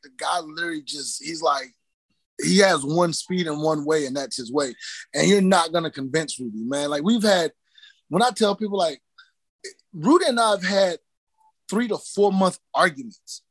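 An animated man who tells stories casually, swears freely and slips into the voices of people he quotes. His voice sits a little high for a man. It is recorded close and dry, with no room sound. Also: moderate pace, no room sound. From New Mexico. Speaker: cut man guest. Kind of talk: casual storytelling interview.

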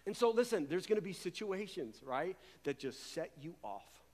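A man with a fairly high voice preaching a sermon to his congregation. He talks in an animated, conversational way and often stumbles over repeated words. The long reverb of a large church hall trails behind him. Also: normal speed. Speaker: pastor.

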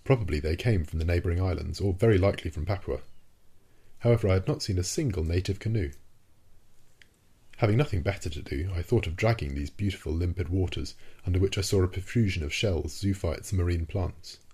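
Male audiobook reader, deep mellow voice, formal storytelling. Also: slightly rough. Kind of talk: scripted first-person narration.

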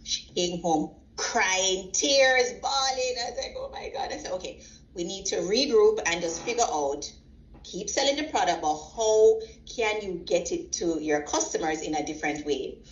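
Woman, proud parent guest, tells animated stories and acts out the quotes, recorded in a roomy space with dull audio. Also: medium pitch, moderate pace. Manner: animated storyteller acting out quotes. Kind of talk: casual interview. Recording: roomy, slightly dull sound.

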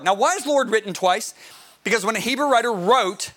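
A middle-aged man preaching a sermon as pastor, emphatic and animated, often asking his listeners questions. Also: high voice, fairly quick.

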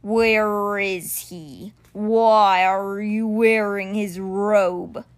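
Woman doing a slow, gravelly stone cheetah. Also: mid-range voice, fairly even intonation. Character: stern male stone cheetah, grave and protective. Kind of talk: audiobook reading.

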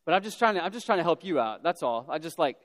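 High-voiced man speaking in a big hall. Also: quick pace. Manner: animated, casual, many fillers and repeats. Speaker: youth speaker. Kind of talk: storytelling talk to a young audience. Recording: long hall reverb.

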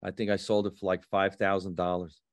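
With a deep voice at a fairly quick pace, a male comic guest from New Jersey tells lively stories in a casual chat, loudly acting out the people he quotes. There is no room sound on the recording.

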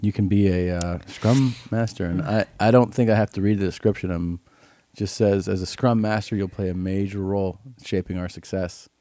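A man's voice: low voice, fairly even intonation, moderate pace, mellow, no echo, studio quality. A man co-hosting a comedy podcast, chatting casually in a laid-back, drawling way and reading listener messages aloud. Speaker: podcast co-host.

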